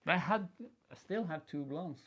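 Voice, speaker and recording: A man co-hosting a podcast in casual chat, speaking haltingly with frequent restarts. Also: fairly high pitch, a bit bright, slightly rough. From Norway. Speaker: podcast co-host.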